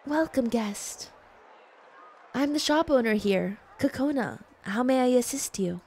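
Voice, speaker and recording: A woman voicing a bright, gracious young shop owner. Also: sits high, very animated, normal speed, voice pushed up. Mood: polite, welcoming. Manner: bright, gentle, politely formal shop greeting. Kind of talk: voicing unvoiced game dialogue.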